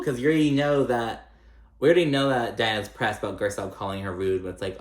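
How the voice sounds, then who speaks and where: A man's voice: medium pitch, fairly even intonation, fast talker. A man giving a casual, gossipy recap of a reality show, chatty and salty, with lots of "like" and "um". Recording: echoey room.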